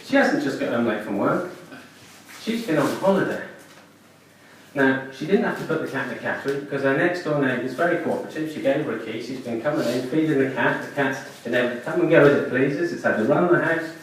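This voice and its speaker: A man works a comedy-club crowd, his voice leaping animatedly between highs and lows. He mixes lively storytelling with deadpan asides. The sound is very echoey and distant, with a faint hiss underneath. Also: fairly quick. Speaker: stand-up comedian. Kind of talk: stand-up comedy set.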